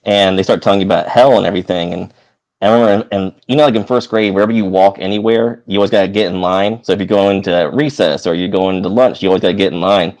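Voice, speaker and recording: Low-voiced man, dry close sound. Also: fast, darkish tone, no room sound, low-quality recording. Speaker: podcast co-host. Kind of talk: casual chat.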